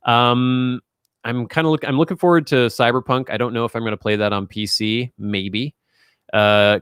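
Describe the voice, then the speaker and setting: A man's voice: mid-range voice, a bit bright, smooth, no room sound, clean studio sound. A young man hosting a casual live stream, chatting as he reads out and answers viewer questions. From US Northwest.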